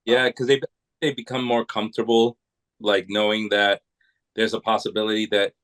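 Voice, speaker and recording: A New England man appears as a podcast guest, casually telling long, rambling anecdotes and restarting often. His voice is on the low side, level and fairly bright, at normal speed, and the recording is rough.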